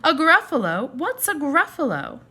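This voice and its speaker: A woman's voice: high-pitched, wildly swooping pitch, normal speed, pushed and bright, voice pushed up, full character voice. A woman voicing a hungry, easily frightened snake in a storybook read-aloud. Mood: inviting.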